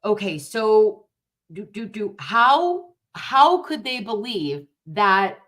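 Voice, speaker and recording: A young woman hosting a casual reaction commentary, emphatic and animated, talking straight to her viewers. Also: mid-range voice, slow pace. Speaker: commentary host.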